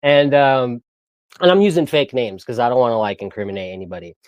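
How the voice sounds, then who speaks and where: A laid-back young man spinning casual stories in loose slang, breaking into laughs as he mimics other voices. His voice sits at a medium pitch and sounds close and dry, with no room echo. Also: sing-song, a little fast, smooth, muffled recording. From San Diego area. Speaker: guest. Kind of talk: casual storytelling.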